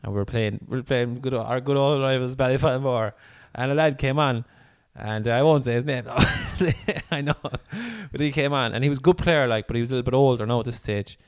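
Male podcast guest, mid-pitched voice, animated storyteller who laughs a lot. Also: a little fast, few pauses, clean tone. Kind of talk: casual comedy podcast chat.

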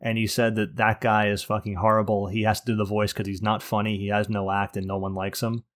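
A man's voice: lowish voice, little pitch movement, brisk, fairly bright tone. A man hosting a casual gaming podcast, crude and sardonic, swearing often. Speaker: podcast host.

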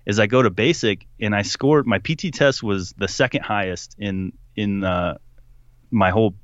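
A young man telling a story in casual conversation, animated, putting on voices for the people he quotes and laughing often. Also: fairly low pitch, moderate pace, no echo, lo-fi sound. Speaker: podcast guest.

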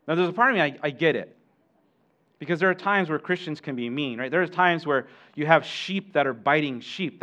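A man's voice: a little high, a little fast, a bit bright. A man preaching a sermon as pastor, talking conversationally with asides to the congregation and frequent restarts.

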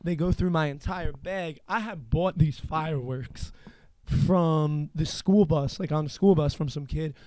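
A man's voice: a little high, measured pace, mellow, dry recording. A young man hosting a podcast, telling a long profane story in casual chat. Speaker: podcast host.

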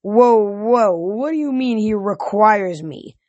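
A woman's voice: medium pitch, animated, slow, darkish tone, dry recording, highs cut off. A woman voicing a bitter, resigned teenage boy in a storybook reading. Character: bitter teenage demigod boy turning traitor.

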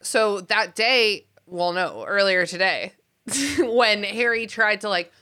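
A woman's voice: medium pitch, slow pace, bright, forceful tone. A woman hosting a casual podcast, talking animatedly and with exasperation, laughing often. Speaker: podcast host.

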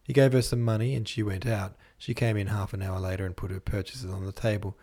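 A man reading a classic novel aloud as a podcast host, in measured literary narration. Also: on the low side, flat delivery, dark tone. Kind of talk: scripted narration.

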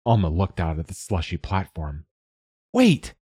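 A man narrating a children's story in a measured, gentle reading. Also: sits low, animated, no echo, clean studio sound.

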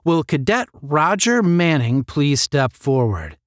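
A man's voice: on the high side, big pitch swings, takes it slowly, dry recording, clean studio sound, pitched above the performer's own voice. A man reading a stern senior cadet in a space-academy story, snapping clipped orders.

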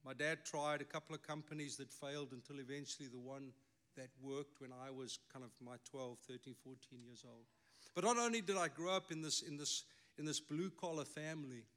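A man's voice: fairly high pitch, steady tone, fairly quick, a bit bright. A middle-aged man with a South African accent, a native Afrikaans speaker, preaching a sermon with emphatic delivery and wry asides. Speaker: pastor.

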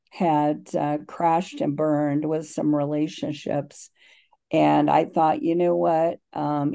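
A woman giving a personal recovery share at a twelve-step meeting, halting and full of ums and restarts, heard over a video call. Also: sits low, creaky, dark tone.

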